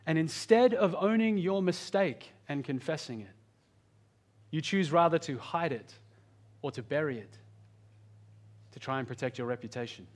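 A man preaching a sermon, earnest, slowing down and speeding up for emphasis. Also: expressive. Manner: earnest, varies pitch and pace for emphasis. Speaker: pastor.

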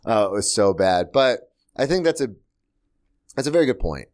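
A young man, a comedian guest, telling stories fast in casual podcast chat and acting out what people said. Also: fairly low pitch, big pitch swings. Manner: fast storytelling, acts out quotes.

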